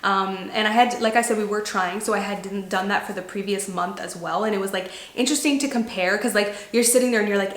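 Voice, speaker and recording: A woman in her twenties telling a story to camera in a chatty, animated way, full of "like". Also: mid-range voice, fast, hardly any pauses. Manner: chatty, animated, heavy use of "like". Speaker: lifestyle vlogger. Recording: echoey room.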